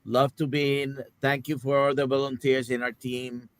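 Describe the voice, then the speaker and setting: A male doctor from Puerto Rico, a native Spanish speaker with a Puerto Rican Spanish accent, chatting on a live show in an earnest, slightly halting way. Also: medium pitch, little pitch movement, no echo. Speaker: guest doctor. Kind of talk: casual live-show chat.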